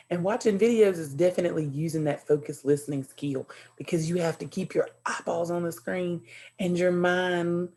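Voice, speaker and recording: Lady teacher doing a video lesson for second graders, slow and clear, warm mellow voice, kinda low. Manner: cheerful, encouraging, talks slowly and clearly to young children. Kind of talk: recorded virtual classroom lesson.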